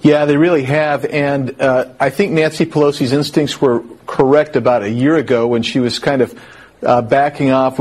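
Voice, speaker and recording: A man speaks as a congressional guest on a political talk show. His voice is husky and sits at an ordinary male pitch. He talks in a measured way, often pausing on fillers as he builds his point. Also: fairly even intonation, a little mellow. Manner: measured, with frequent filler pauses. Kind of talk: political interview.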